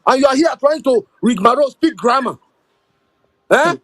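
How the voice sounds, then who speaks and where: High-pitched guy calling in, furious and bitter, dry sound. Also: animated, normal speed, fairly bright tone, dry recording, low-quality recording. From Nigeria. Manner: bitter, heated and confrontational. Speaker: caller. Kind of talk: angry call-in rant.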